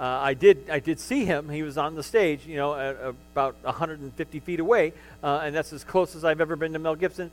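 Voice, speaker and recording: Man, middle-aged pastor, high-pitched voice, heartfelt sermon, halting restarts. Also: poor audio. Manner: emotional personal testimony with many restarts.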